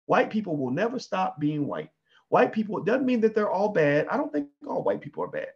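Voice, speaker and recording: A man's voice: high-pitched, wildly swooping pitch, fairly quick, creaky, darkish tone, slightly rough, lo-fi sound. A man giving an emphatic opinion monologue, often asking 'right?' and restarting his sentences. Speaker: commentator.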